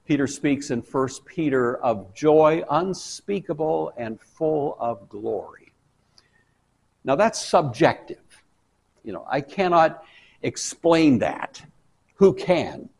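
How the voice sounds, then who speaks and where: Man, slightly high voice, Bible study teacher, folksy, conversational, sudden loud bursts of emphasis. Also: creaky, husky.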